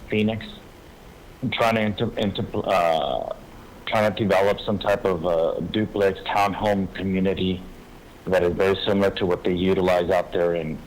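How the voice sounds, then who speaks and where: Low-voiced man testifying at a city meeting. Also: slight background noise, low-quality recording. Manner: halting, restarts, plain explanatory. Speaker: applicant's engineer.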